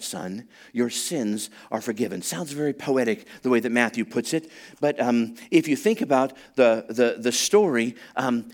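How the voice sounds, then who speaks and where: A man preaching a sermon, telling a story with humor and acting out the voices of the people in it. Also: on the high side. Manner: animated storytelling, acts out voices, humorous asides. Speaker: pastor.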